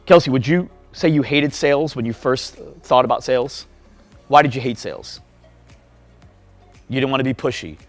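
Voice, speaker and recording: A man's voice: mid-range voice, moderate pace, pauses often, no room sound, faint music behind. Punchy man coaching a live room. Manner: punchy, rhetorical questions, drills the room. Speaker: marketing speaker at a live workshop. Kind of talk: live seminar talk to an audience. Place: event room before a live audience.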